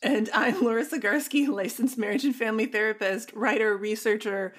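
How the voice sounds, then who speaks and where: A woman's voice: a little high, steady tone, a little fast. Dry, wry woman podcast co-host. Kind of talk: casual podcast chat.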